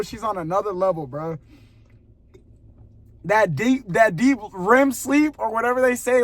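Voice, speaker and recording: High-voiced young man telling an animated story. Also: no room sound. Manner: animated, laughing often, drops to a hushed voice for suspense. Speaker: vlogger. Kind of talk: casual storytelling to camera. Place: parking lot at a gym at night.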